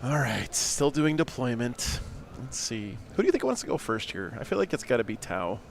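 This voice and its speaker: Brief: male stream host, animated swooping delivery, chatty, laughs a lot, slight background hiss. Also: medium pitch, normal speed, creaky. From Texas. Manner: chatty, laughs often, greets chat viewers. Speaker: stream commentator. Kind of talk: casual live game commentary.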